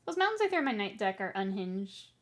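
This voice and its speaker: A woman's voice: medium pitch, very animated, quick pace. A woman streamer chatting casually with viewers while she paints miniatures. She is playful and rambling, pokes fun at herself, and often breaks into giggles between remarks. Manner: playful, rambling and self-mocking.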